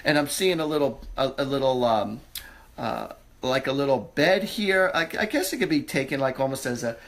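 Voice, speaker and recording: A man hosting a live psychic reading, who talks in a halting, searching way with many fillers and restarts, then turns upbeat and reassuring. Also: medium pitch, vocal fry, a bit bright. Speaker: psychic medium host.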